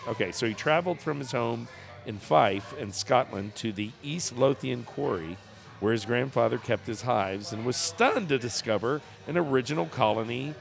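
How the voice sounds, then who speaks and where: A man's voice: medium pitch, creaky. A man co-hosting a casual chat, reading a news story aloud in a jokey way and laughing often. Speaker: podcast co-host.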